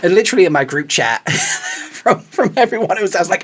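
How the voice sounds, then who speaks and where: A man co-hosting a podcast, telling an excited anecdote, acting out what people said and laughing often. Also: sits high, fairly quick. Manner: animated, acts out quoted voices, laughs often. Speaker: podcast co-host.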